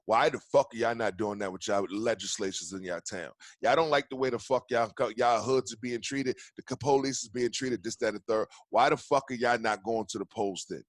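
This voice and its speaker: A man's voice: medium pitch, brisk, few pauses, no echo. A fired-up male podcast host, stumbling over restarts as he rants and swears. His voice sits mid-range and sounds close and dry, with no room around it. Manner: heated, profane ranting with many restarts. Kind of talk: casual podcast chat.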